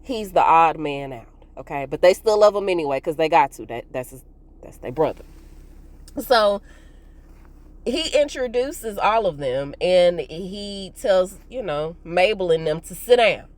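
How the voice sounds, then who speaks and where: A woman hosting a casual TV recap, chatty and expressive, laughing often and talking straight to her viewers. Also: fairly low pitch, a little slow. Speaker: TV recap host.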